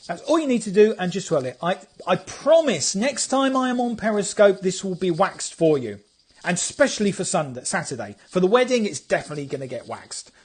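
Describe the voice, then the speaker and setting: A man's voice: high-pitched, very animated, brisk, slightly rough. A man hosting a live stream as a photographer, chatting casually and playfully while reading out viewer comments. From England.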